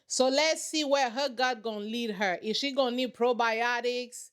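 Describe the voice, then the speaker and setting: High-pitched sassy woman host. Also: normal speed. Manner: sassy, emphatic, slangy. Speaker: reaction channel host. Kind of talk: casual reaction commentary.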